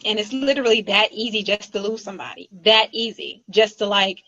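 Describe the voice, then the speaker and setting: A woman's voice: medium pitch, a little fast, sharp tone, no room sound, muffled recording. A woman co-hosting a live stream who mostly chimes in with short agreeing sounds and now and then adds a point. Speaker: co-host. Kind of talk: casual livestream chat.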